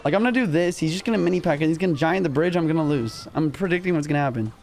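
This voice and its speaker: A young man commentating his own live gameplay in casual slang, excitable and quick to yelp when rattled. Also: on the high side. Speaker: gaming streamer. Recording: music underneath.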